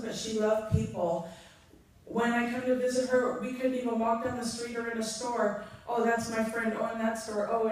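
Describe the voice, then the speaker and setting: A middle-aged woman giving a funeral eulogy, halting and heartfelt, with frequent ums. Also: fairly high pitch, darkish tone. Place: large echoey hall. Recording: echoey hall from far off.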